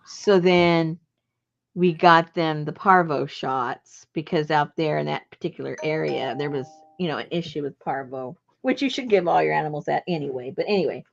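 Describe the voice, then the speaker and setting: A woman's voice: deep voice, moderate pace, vocal fry. A woman host telling a personal story in a chatty, rambling way, laughing often. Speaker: journaling channel host. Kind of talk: casual storytelling. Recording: dull lo-fi recording.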